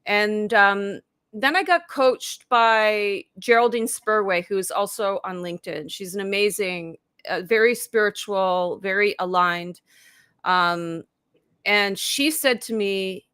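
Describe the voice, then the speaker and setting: A woman's voice: mid-range voice, slow pace, fairly bright tone, clean tone, dry recording, studio quality. A woman in her fifties, a life coach, telling her story in a casual live interview over a video call, talking chattily with lots of "like" and acting out her own past thoughts. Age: 50s.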